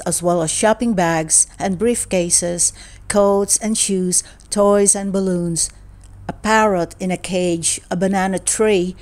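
A woman narrating a children's picture book aloud. She reads slowly and deliberately, every phrase given room. Her voice sits at an ordinary middle pitch. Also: a little mellow. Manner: slow, deliberate reading. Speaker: storybook reader.

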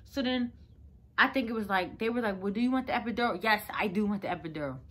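A woman's voice: mid-range voice, rapid-fire, a bit bright. A young woman telling a personal story to her viewers in a chatty, rambling way. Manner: chatty, rambling, lots of "like" fillers. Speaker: vlogger. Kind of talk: casual storytelling to camera.

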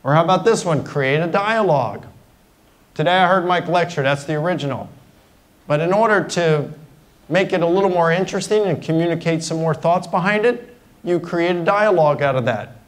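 A middle-aged man, voice a little high and pace brisk, gives a university guest lecture in a lecture hall. He talks conversationally and explains through simple examples. The recording is rough.

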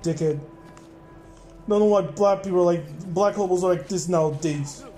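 A young man giving loud, profane, rowdy commentary while playing a game. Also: high voice, normal speed, soft background music. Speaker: gameplay commentator. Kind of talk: crude gameplay commentary.

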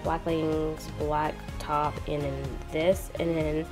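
A woman's voice: sits low, flat delivery, takes it slowly, music in the background. A teenage girl chatting casually in a vlog, rambling with lots of fillers, filmed on a small handheld camera. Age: teens. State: crying. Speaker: vlogger. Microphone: handheld compact camera.

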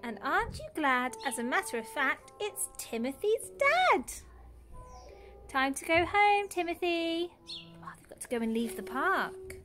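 A woman, a nursery teacher, reading a picture book aloud to young children in an animated way, full of gasps. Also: high voice, moderate pace, few pauses, soft background music. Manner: animated, gasping, exaggerated storyteller.

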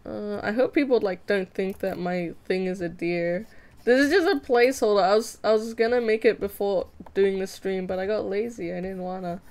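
A woman's voice: medium pitch, steady tone, normal speed, hardly any pauses, a little mellow. A young woman chatting casually with viewers while drawing on a live stream, playful, giggly and self-mocking. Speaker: streamer drawing fan art.

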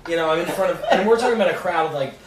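A man's voice: a little high, expressive, very fast. Rambling, cursing young man in a roomy space. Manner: rambling, swearing, laughing storyteller. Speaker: guest songwriter. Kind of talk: casual storytelling. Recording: roomy, distant mic with faint noise.

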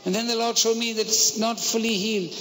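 A man's voice: high voice, fairly even intonation, brisk, fairly bright tone. A man preaching a sermon, telling a personal story and putting rhetorical questions to the congregation. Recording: long hall reverb, faint noise.

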